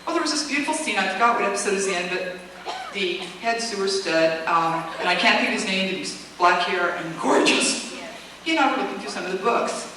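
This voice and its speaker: A woman tells behind-the-scenes stories at a fan convention, animated and quick to laugh, slipping into voices for the people she quotes. She is picked up from a distance in a big, very echoey hall with a long reverb tail and a clear bed of room noise. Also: medium pitch. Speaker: convention guest speaker. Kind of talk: casual storytelling Q&A. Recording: echoey hall recorded from far off, noisy.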